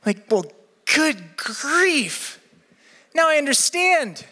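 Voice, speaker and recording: A young male pastor preaching to a live audience in a large hall, his voice ringing out with a long reverb. He speaks high and bright, and he acts out his stories with big swings in pitch. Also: big pitch swings, drawn-out words. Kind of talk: sermon with storytelling.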